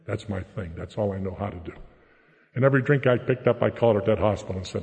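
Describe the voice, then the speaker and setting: In a recovery meeting, an older Pittsburgh-area speaker tells his testimony bluntly and plainly, regularly adding "okay?" to his lines. His fairly low voice is fast, creaky, and slightly mellow, captured with dull lo-fi audio in a hall full of echo.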